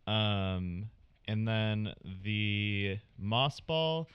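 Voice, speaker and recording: A man's voice: lowish voice, expressive, drawn-out words, clean tone, no echo, muffled recording. A man on a casual podcast, reasoning through game items analytically and chuckling between points. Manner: analytical, laughing often. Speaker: podcast panelist.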